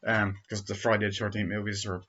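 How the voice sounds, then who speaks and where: A man's voice: little pitch movement, fast talker, bright, forceful tone, slightly rough, dull audio. Man rambling through a movie recap. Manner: rambling, profane, acts out characters in sudden high voices. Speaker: movie reviewer. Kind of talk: casual movie review, retelling scenes.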